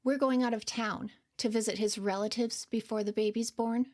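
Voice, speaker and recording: A woman narrating her own story in the first person, quiet, unsure and earnest. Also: fairly high pitch, steady tone, normal speed. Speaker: podcast storyteller.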